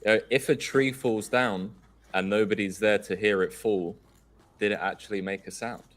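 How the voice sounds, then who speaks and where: A man's voice: fairly low pitch, steady tone, moderate pace. A man with an Australian accent doing live poker commentary, joking and teasing his co-hosts.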